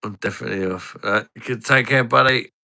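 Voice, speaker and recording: A man's voice: medium pitch, quick pace, gravelly, pushed and bright, dry recording. A man chatting casually and a bit tipsy, rambling, swearing and laughing often. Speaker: channel host.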